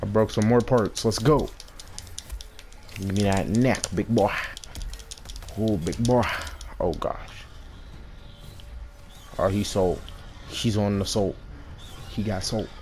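A man giving casual, excitable commentary while playing a video game, shouting at the monster he is fighting and exclaiming often. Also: fairly low pitch, slow pace, pauses often, slight background noise. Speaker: gaming streamer.

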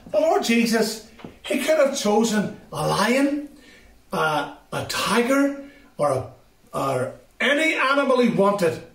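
A man who is a children's ministry speaker, giving an assembly talk and telling a story straight to the children. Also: high voice. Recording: roomy sound from a distant mic.

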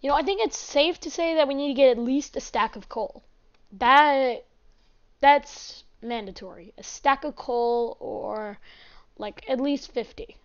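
A woman with a high, bright voice rambles through casual gameplay commentary, chatty and excitable, breaking into sudden exclamations. The recording sounds dull and lo-fi, like a cheap home mic. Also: measured pace. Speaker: gaming channel host.

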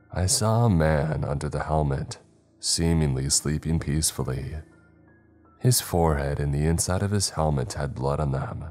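Brief: male storyteller, very low voice, steady horror narration, light music bed.

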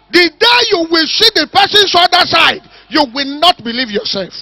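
A man preaching a fiery sermon at a church service, shouting and stretching out his repeated words. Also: extremely high pitch, no room sound. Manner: shouting, emphatic, drawn-out repetitions. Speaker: pastor.

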